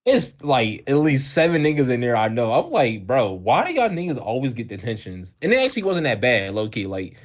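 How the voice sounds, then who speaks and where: A young man spinning a school story for his podcast co-hosts. His mid-range voice swings widely in pitch as he acts out everyone involved. His talk is loose, slangy and full of swearing. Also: fairly quick, hardly any pauses. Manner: animated, acts out quoted voices, heavy profanity and slang. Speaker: podcast co-host. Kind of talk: casual storytelling.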